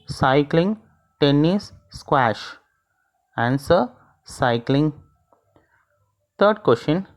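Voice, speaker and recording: A teacher with an Indian English accent reading out textbook exercises and their answers one by one, in a deliberate dictating manner. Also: medium pitch.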